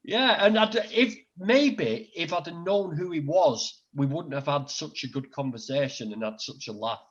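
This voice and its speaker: A man's voice: fairly high pitch, moderate pace, lo-fi sound. Blunt middle-aged Northern English man. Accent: Northern English, Greater Manchester. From Northern England. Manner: blunt, sweary, animated anecdotes. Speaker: podcast guest. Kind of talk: casual chat, storytelling.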